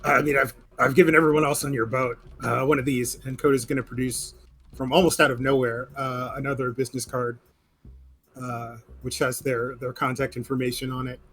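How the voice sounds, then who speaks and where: A man describing his character's actions in a tabletop game, rambling with many pauses. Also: mid-range voice, level tone, fairly bright tone, breathy edge, faint music behind. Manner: rambling, lots of uh and um. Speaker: player.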